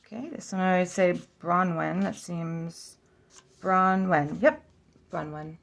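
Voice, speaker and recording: A woman hosting a casual flip-through vlog, slowly sounding out names aloud, correcting herself and musing with giggly asides. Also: on the low side, fairly even intonation, creaky. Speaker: oracle deck reviewer.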